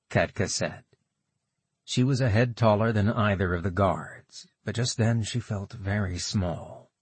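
A man reading a fantasy novel aloud as narrator, steady and measured. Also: lowish voice, breathy edge, no echo. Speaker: audiobook narrator.

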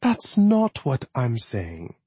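A man voicing a worried young wife, soft, pleading and apologetic, in a raised voice. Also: mid-range voice, huge pitch swings, takes it slowly, husky, no room sound, pitched above the performer's own voice, heavily acted.

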